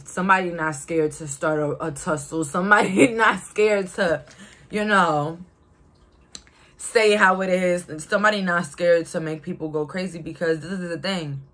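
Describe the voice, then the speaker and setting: A young woman in her 20s from Brooklyn, New York, gives her viewers a casual, outspoken tarot reading. Her voice is lowish and a bit bright, and she's chatty and laughs often.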